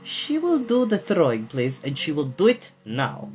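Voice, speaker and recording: A man's voice: on the high side, wildly swooping pitch, unhurried, a little mellow, soft background music. A man voicing a grand fake fortune teller woman who talks about herself in the third person. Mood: grand, booming.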